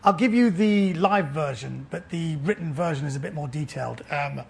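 A man's voice: on the high side, moderate pace, vocal fry. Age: grown man. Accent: London. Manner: stage storyteller, stammering restarts. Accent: London English. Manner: animated anecdote with stammered restarts. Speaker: author and comedian guest. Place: festival venue before a laughing audience.

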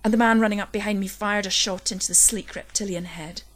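Female narrator for a dark first-person horror story; low, intense delivery that builds. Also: fairly even intonation, fast talker. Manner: low, intense storytelling that swells at tense moments. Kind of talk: scripted horror story reading.

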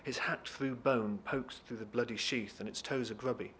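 Male reader, lively expressive narration of a novel, faint background noise. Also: mid-range voice, normal speed. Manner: lively expressive reading, talks briefly to listeners. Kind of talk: reading a novel aloud.

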